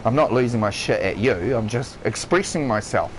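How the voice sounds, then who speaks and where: A man with a New Zealand accent rants on a live game stream and swears nearly every line. His pitch swings widely as he shouts one moment and drops low the next. He repeats his points again and again. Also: expressive, normal speed, a little hiss or hum, rough recording. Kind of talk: heated rant on a live stream.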